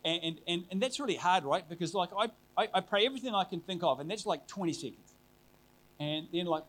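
A man's voice: high-pitched, quick pace, a bit bright. A middle-aged man preaching a sermon, telling a personal story in an earnest, conversational way with frequent restarts.

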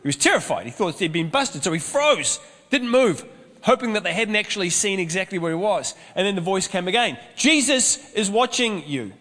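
A man's voice: high-pitched, lively intonation, brisk, a bit bright, big-room sound. A man preaching a sermon as pastor, mixing storytelling and humorous asides.

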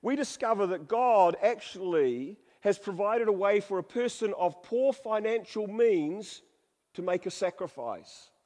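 Preaching to his congregation, a man with a high, lively, slightly mellow voice keeps a measured pace. His scripture reading is dramatic and humorous, with changed voices for quotes, and the recording carries a long hall reverb.

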